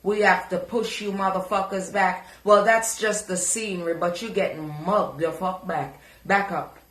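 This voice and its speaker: A woman's voice: mid-range voice, fairly even intonation, normal speed, a bit bright, roomy sound. A woman giving crude, taunting reaction commentary and repeating words to mock someone. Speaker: commentary vlogger.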